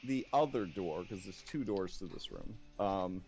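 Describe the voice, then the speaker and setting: A man's voice: deep voice, animated, measured pace, darkish tone, a little hiss or hum. A man narrating a tabletop game as game master, in a meandering way with lots of fillers.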